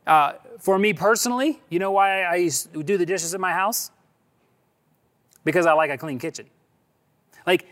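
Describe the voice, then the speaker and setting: A male pastor preaching a sermon in a conversational way, stretching key words and dropping low at the ends of phrases. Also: fairly bright tone.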